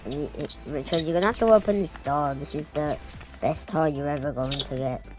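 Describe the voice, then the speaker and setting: Woman, low voice, slow chatty gameplay commentary, easily amused, game music blaring behind. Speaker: gamer recording gameplay.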